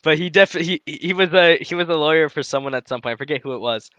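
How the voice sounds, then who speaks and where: A young man in casual chat, excitable and tripping over his words when eager. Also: on the high side, fast, clear, resonant tone, dry recording, dull audio.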